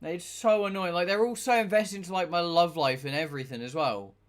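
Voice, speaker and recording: A young man with a high-pitched voice talks a little fast as he streams a game, chatting casually and ranting in exasperation with plenty of swearing.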